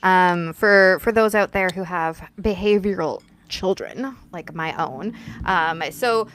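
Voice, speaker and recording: A woman's voice: lowish voice, slow, a bit bright, clean tone. A woman hosting a podcast who chats casually and tells side stories, acting out bits of dialogue. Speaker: podcast host. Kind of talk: casual interview chat.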